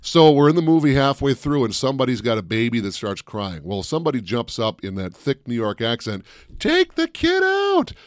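A man co-hosting a casual chat, telling stories with lively energy and shouting out the voices of people in them. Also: medium pitch, a little fast, few pauses, dry recording, studio quality. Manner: animated storyteller, shouts out quoted voices. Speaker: co-host.

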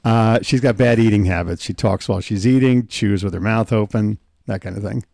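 A man's voice: lowish voice, fairly quick, creaky, a little mellow, dry recording. A man co-hosting a podcast, asking questions in easygoing banter and laughing often. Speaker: podcast co-host.

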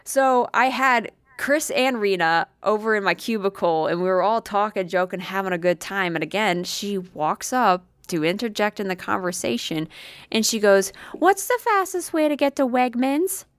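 A woman's voice: mid-range voice, normal speed, fairly bright tone, smooth, no echo, clean studio sound. A woman telling a workplace story in casual chat, blunt and swearing often, acting out what people said.

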